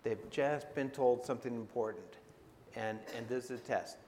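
This pastor preaches at normal speed in a mid-range, slightly mellow voice, with a long reverb tail and a little background noise. He speaks conversationally and often asks his audience questions.

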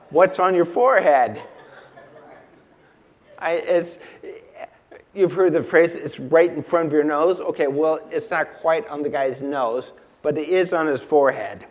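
A man preaching a sermon in a church, emphatic and unhurried, asking the congregation rhetorical questions and repeating key lines. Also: a little high. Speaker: pastor.

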